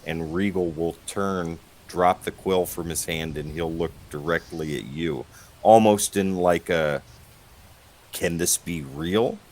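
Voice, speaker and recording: A man narrating as game master, relaxed and halting. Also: low voice, poor audio.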